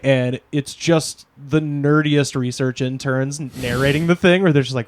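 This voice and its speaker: A man's voice: mid-range voice, fairly even intonation, a little slow, a little hiss or hum. A man co-hosting a comedy podcast in a studio, telling stories in a loose, rambling way and laughing often. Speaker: podcast co-host. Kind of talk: casual comedy chat.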